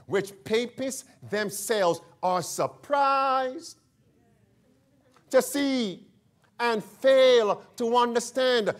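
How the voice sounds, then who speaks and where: A man preaching a sermon who keeps throwing questions back at his listeners and calls them friends. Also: high voice. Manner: emphatic call-and-response questions.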